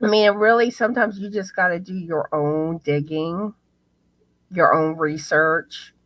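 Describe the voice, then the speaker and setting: Slow-talking woman in casual chat. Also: on the low side, fairly even intonation, a bit bright, no echo. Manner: rambling, many fillers and restarts. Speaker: co-host. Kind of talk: casual chat on a live stream.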